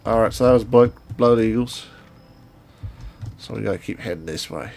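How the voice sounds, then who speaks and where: Gravelly guy w/ a twang, rambling folksy game commentary. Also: fairly low pitch, moderate pace, a little mellow, a little hiss or hum. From Indiana. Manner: rambling, folksy, talks to himself while playing. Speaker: gaming streamer. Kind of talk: casual gameplay commentary.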